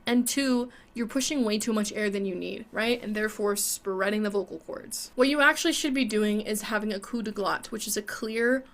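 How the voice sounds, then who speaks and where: A woman's voice: mid-range voice, normal speed, few pauses, fairly bright tone. A young woman teaching an online singing lesson, explaining technique and demonstrating exercises between explanations.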